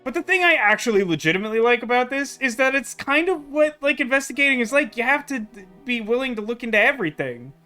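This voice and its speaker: A man's voice: high voice, sharp tone. A young man rambling through casual gameplay commentary as a let's play host, full of fillers. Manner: chatty, rambling with many fillers.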